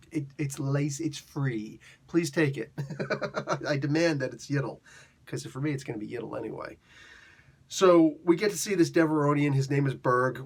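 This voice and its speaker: Rambling man reviewing with many fillers. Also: mid-range voice. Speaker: review show host. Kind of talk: casual video review monologue.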